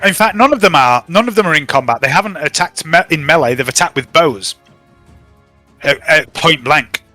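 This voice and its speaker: A man's voice: on the high side, expressive, moderate pace, sharp tone, no echo, soft background music, low-quality recording. A man running a tabletop game as game master, joking and playfully bossy with his players.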